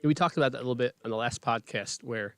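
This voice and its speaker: A man's voice: medium pitch, racing, fairly bright tone. A man hosting a casual podcast, a skatepark owner, asking clarifying questions and chatting easily. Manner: friendly, asks clarifying questions.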